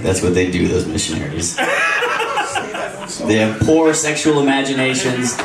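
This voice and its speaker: Crude young comic with lively pitch. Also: male voice, a little slow, over a noisy crowd. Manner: crude, self-mocking, laughing through punchlines. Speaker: stand-up comedian. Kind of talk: stand-up comedy set. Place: comedy club stage. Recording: roomy club, distant mic, audience laughing. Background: audience laughter.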